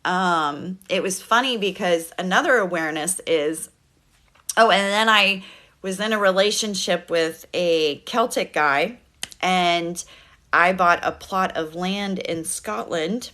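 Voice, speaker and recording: A woman's voice: on the low side, slow, bright, forceful tone. A woman in her thirties chatting casually on a TikTok livestream, rambling and laughing often. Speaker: TikTok live streamer.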